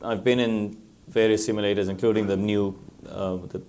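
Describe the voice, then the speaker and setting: A man's voice: lowish voice, moderate pace. A middle-aged man, a former racing driver, telling anecdotes on a live panel and laughing often. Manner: animated storytelling, laughs often.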